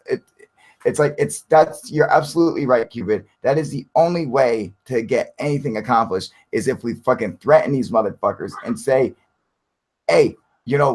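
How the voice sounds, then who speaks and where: Profane, fired-up male stream host. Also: medium pitch. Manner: heated, profane ranting. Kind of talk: casual live stream chat.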